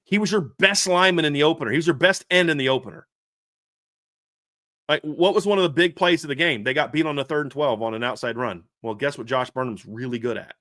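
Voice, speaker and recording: A man's voice: fairly high pitch, quick pace, sharp tone, no room sound, clean studio sound. A man co-hosting a sports podcast, ranting heatedly about his team's coaching, fired up and repeating himself with restarts. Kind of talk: heated sports commentary rant.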